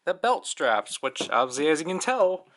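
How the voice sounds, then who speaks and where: A man's voice: a little high, sing-song, normal speed, fairly bright tone, a little hiss or hum. A young man giving a casual, chatty toy review, full of fillers and small laughs.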